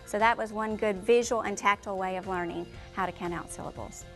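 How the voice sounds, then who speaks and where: A woman pre-K teacher describing a lesson she taught, in a plain, relaxed way. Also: mid-range voice, brisk, soft background music. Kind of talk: interview recollection.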